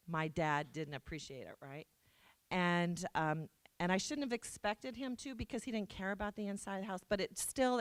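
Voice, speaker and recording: A woman's voice: medium pitch, fairly bright tone, smooth, no echo. Woman telling a story on stage. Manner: anecdotal, self-deprecating, acts out quoted dialogue. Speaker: keynote speaker. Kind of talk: storytelling speech. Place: conference hall.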